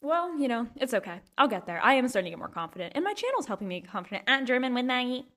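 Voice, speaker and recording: A young woman with a high voice hosts a casual comedy podcast. She rambles in a goofy way and mocks herself as she goes. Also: very animated, very fast, fairly bright tone. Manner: goofy, rambling, self-mocking. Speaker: podcast host.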